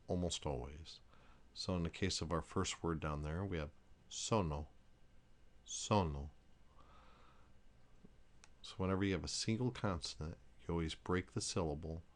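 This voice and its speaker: A man teaching a language lesson, explaining pronunciation rules carefully and repeating each example word. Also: sits low.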